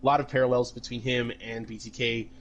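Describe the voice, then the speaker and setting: A man's voice: medium pitch, level tone, fast, lo-fi sound, slight background noise. A man co-hosting a casual podcast chat, talking in a mocking, profane, rambling way with lots of fillers. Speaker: podcast co-host.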